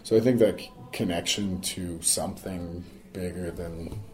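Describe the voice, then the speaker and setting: A man's voice: low-pitched, steady tone, measured pace, music in the background. A man giving a thoughtful interview answer, with slight stumbles. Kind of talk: interview speech.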